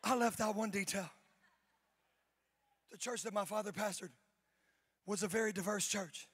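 A young man delivers a sermon in a high, bright voice. He tells a story with lots of animation, and his delivery swells into loud, shouted peaks before dropping back to quiet, earnest speech. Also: normal speed, slightly rough. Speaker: pastor.

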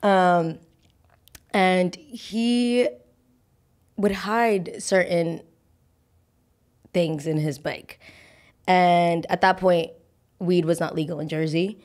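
A young woman hosting a podcast, telling a personal story in a chatty, animated way with lots of fillers and restarts. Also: on the low side, drawn-out words, long pauses. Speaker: podcast host. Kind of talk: casual storytelling.

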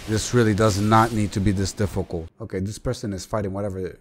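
A man giving gameplay commentary, exasperated, swearing and loudly exclaiming at the game. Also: on the low side, fairly even intonation, fast. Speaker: gamer.

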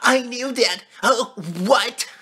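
A woman's voice: fairly high pitch, slow pace, bright, forceful tone, husky. A woman acting out short comedy sketches, with an exaggerated sweet greeting voice. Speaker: comedy content creator.

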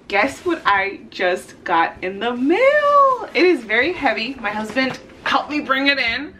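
A woman's voice: mid-range voice, pushed and bright, slight background noise. Young woman chatting on her vlog. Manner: gushing and breathless, many gasps and nervous laughs. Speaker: author and book vlogger. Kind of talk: casual vlog talk to camera.

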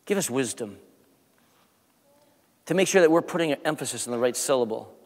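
A man, the pastor, preaching a sermon with rising emphasis and then leading a soft prayer. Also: medium pitch, animated, a little fast. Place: church sanctuary. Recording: long church reverb.

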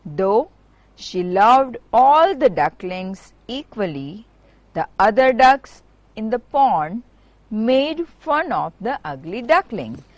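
Slow-telling woman teacher. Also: on the high side, very animated, no room sound. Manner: slow, clear storytelling to students. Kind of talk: classroom storytelling and lesson. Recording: dull lo-fi virtual class audio.

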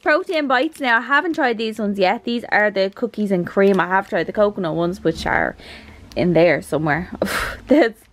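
A woman with an Irish accent vlogging an unboxing at home, rambling and gushing with excitement. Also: mid-range voice, normal speed. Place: her apartment.

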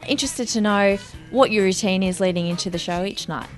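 A woman asks brisk, friendly interview questions in a mid-range voice. Faint music plays behind her. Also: mid-range voice. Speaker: entertainment interviewer. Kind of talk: entertainment interview.

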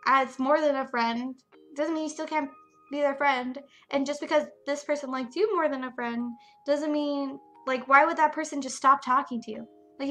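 A woman gamer chats over a story game, animated and rambling in her asides. Her voice is high and bright, and faint music plays underneath. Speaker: gaming streamer. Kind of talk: casual game commentary.

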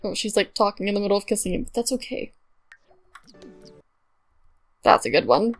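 A woman's voice: mid-range voice, very animated, normal speed, faint music behind. A young woman chatting casually over her gameplay, bubbly and gushing, with lots of fillers. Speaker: let's play gamer.

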